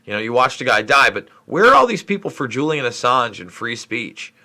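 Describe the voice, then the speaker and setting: A middle-aged man from New York State hosts a live Q&A stream, reading chat and answering viewer comments in a frustrated, rambling way. His voice is medium-pitched, sing-song, brisk, pushed and bright.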